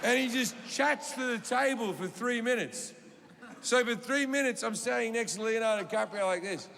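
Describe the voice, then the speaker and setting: A man's voice: extremely high pitch, moderate pace, gravelly, a loud crowd. An Australian man on a comedy stage, telling a rambling, profane story to a live audience and acting out the quotes. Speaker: stand-up comedian. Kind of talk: stand-up storytelling. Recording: reverberant live venue with audience noise.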